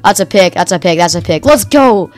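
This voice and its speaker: A woman giving casual, excitable gameplay commentary, cheering and shouting at plays with a slightly strained voice. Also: lowish voice, a little fast, faint music behind. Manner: casual slang. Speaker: gaming channel host.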